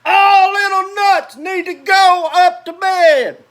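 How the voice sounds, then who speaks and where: A man voicing a big, stern mother nut who scolds her children loudly at bedtime. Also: very animated, slow pace, exaggerated voice. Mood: scolding. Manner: loud, booming scold.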